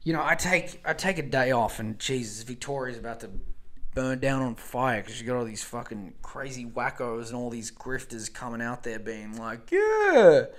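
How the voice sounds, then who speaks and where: A male podcast host with a medium-pitched voice and moderate pace gives casual political commentary. His animated rants are profane and rambling, full of fillers and restarts.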